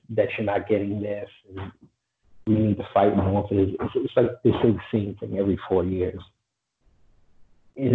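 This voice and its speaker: A man's voice: lowish voice, phone-quality sound. A man co-hosting a casual podcast, blunt, teasing and opinionated. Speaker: co-host.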